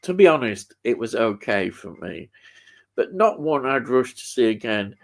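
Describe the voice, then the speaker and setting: A man's voice: medium pitch, big pitch swings, moderate pace, vocal fry. A man hosting a casual live stream, chatting about films and reading out viewer comments, rambling and hesitant with many ums and restarts. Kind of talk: casual chat.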